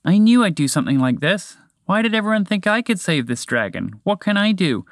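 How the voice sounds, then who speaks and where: A man's voice: high-pitched, sing-song, a little fast, no room sound, clean studio sound, pitched above the performer's own voice. A man voicing a big, clumsy male moose who frets and gets upset easily, for a spoken storybook. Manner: fretful, emotional.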